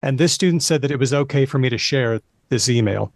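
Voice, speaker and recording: A man hosts a casual podcast conversation, leaning into his points with playful emphasis. His voice sits at a middle pitch. The sound is close and dry. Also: fairly quick, dry recording. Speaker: podcast host.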